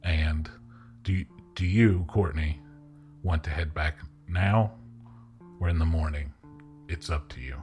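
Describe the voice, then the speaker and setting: A man voicing a calm, commanding female werewolf pack leader in a tabletop game, speaking in a measured, reassuring way. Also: extremely low pitch, soft background music, voice pushed down.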